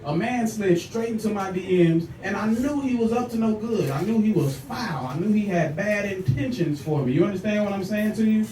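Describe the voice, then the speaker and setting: A man doing a stand-up comedy set in a comedy club, animated and teasing, talking straight to the crowd. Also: sits high, normal speed, few pauses, a little hiss or hum. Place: comedy club stage with a live audience. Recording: echoey club room from far off, loud crowd laughter.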